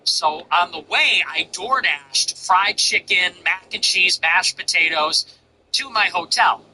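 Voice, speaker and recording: A man's voice: sits high, slow, sharp tone, rough recording. A man hosting a livestream, chatting bluntly and telling brash stories. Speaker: livestream host. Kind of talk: livestream chat.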